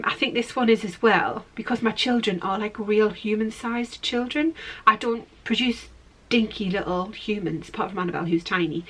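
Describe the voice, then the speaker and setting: A woman's voice: fairly high pitch, fairly bright tone. A middle-aged woman hosting a knitting podcast, rambling and self-deprecating in casual chat while showing her work to the camera.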